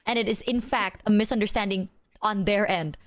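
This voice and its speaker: Speaking briskly at medium pitch, a female streamer chats casually and spins animated, profane stories. She acts out quotes, playing her own side of events.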